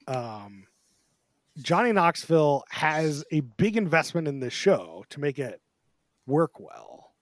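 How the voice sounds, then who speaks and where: A man's voice: on the high side, big pitch swings, slow, no room sound. A man co-hosting a casual podcast chat, talking loosely and acting out quotes in put-on voices. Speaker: podcast co-host.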